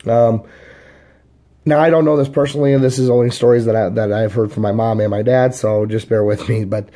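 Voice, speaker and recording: A man in his thirties tells his life story in a loose, rambling way, stopping and restarting often and leaning on fillers. His voice is warm and dark in tone and sits at an ordinary pitch for a man. He is from the Chicago area. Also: steady tone, fairly quick. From Chicago area, USA. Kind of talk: casual personal storytelling.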